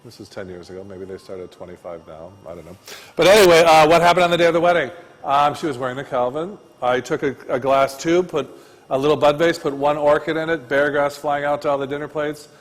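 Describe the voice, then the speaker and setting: A man teaching a floral design class, telling stories with loud bursts and quiet asides. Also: fairly high pitch, fast talker, long reverb tail.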